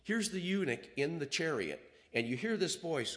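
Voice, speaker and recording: Male preacher, animated sermon delivery, voice rising and falling widely, acts out dialogue. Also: on the high side, a little fast, few pauses. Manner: animated, acts out quoted voices, reads scripture aloud.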